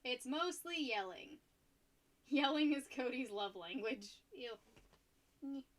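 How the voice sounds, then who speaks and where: A young woman streaming while she paints, chatting casually, rambling and laughing often, and getting loud when excited. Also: high-pitched, takes it slowly.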